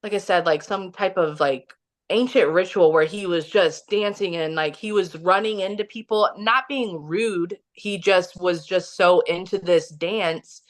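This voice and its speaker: Woman rambling through a story, lower voice. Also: a little slow. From Kansas City, Missouri, US. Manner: rambling, heavy use of "like" and restarts. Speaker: podcast guest. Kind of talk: casual storytelling.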